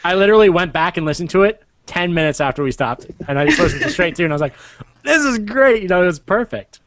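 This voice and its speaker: A man co-hosting a podcast in casual chat, enthusiastic and quick to agree. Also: a little high, lively intonation, a bit bright, no room sound. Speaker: podcast co-host.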